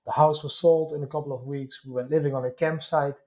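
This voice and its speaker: Dutch man telling a lively story. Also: a little high. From Netherlands. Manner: animated storyteller, many quick restarts. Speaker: guest. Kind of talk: storytelling interview answer.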